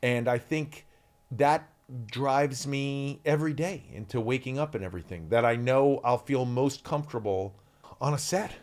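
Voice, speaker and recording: Energetic male actor telling stories. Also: mid-range voice, normal speed. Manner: energetic, animated, shouts out quoted lines. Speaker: actor guest. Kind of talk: candid interview storytelling.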